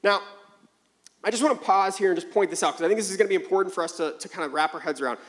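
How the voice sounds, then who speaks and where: A young male pastor preaching with a high, bright voice. He tells his stories in an animated way, acting out both sides of a conversation before turning to scripture. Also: very fast. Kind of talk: sermon.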